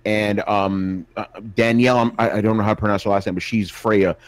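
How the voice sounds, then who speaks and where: A man co-hosting a gaming podcast, telling stories in a relaxed, slangy way. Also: on the low side, fairly quick, clean tone, dry recording. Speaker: podcast co-host and games journalist. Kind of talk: casual chat.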